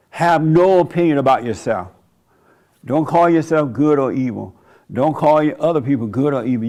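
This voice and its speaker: A man in his seventies delivers a casual sermon from his church show. His voice sits somewhat high for a man and carries a gravelly edge. He talks in a folksy, conversational way, laughing often and mocking as he preaches. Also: darkish tone. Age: 70s. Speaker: church host. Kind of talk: sermon monologue.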